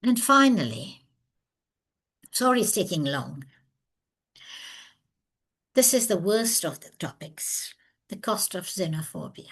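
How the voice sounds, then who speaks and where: A woman's voice: medium pitch, slow, pauses often, husky. Woman giving a webinar talk over a video call, earnest and emphatic, tells stories with lots of feeling. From from overseas, living in South Africa. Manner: earnest, emphatic, animated storytelling. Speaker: webinar presenter. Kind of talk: lecture.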